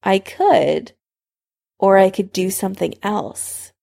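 A woman reading fan fiction aloud, voicing a calm, gently teasing adult man in her own voice. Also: medium pitch, slow, gravelly, full character voice.

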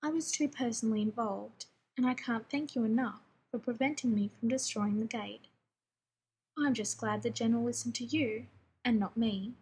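A woman's voice: a little high, moderate pace, a little mellow, a little hiss or hum, close to an everyday voice, rough recording. A woman reading the lines of an earnest female military officer.

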